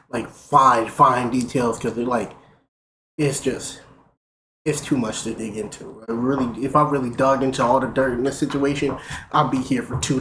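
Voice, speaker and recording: A young man streaming, casually telling a profane, animated story. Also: medium pitch. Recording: roomy with faint noise.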